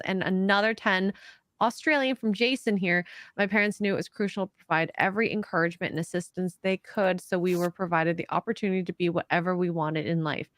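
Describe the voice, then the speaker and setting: A woman's voice: on the low side, a bit bright, no room sound. A woman co-hosting a podcast, chatting casually, reading out donation messages and laughing easily. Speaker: podcast co-host.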